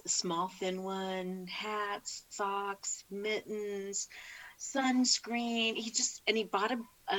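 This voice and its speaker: A woman's voice: mid-range voice, fairly bright tone, poor audio. A middle-aged woman, a guest in an interview, telling a heartfelt faith testimony with frequent restarts. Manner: heartfelt storytelling with many restarts.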